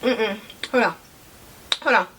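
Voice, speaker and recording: In a casual handbag vlog, a woman addresses her viewers sassily while eating, occasionally with food in her mouth. Her voice is a little high and fairly bright, slow, with a breathy edge.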